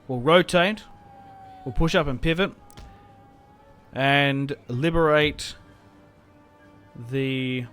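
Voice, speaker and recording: A man's voice: a little high, drawn-out words, pauses often, fairly bright tone, smooth, faint music behind. A young man giving casual, joking commentary over his own strategy game, often trailing off and restarting. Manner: chatty, joking, self-interrupting. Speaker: gaming channel host.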